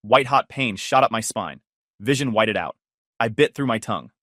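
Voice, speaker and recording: A man's voice: fairly low pitch, animated, normal speed, a bit bright, no room sound, studio quality. A man in his thirties narrating a first-person story in terse, clipped sentences. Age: 30s.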